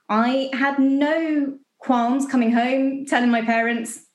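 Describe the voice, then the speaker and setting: A woman's voice: fairly high pitch, unhurried, hardly any pauses. A young woman from southern England, a guest talking in a chatty, upbeat way with frequent ums over a video call. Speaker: guest, financial advisor. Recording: echoey room.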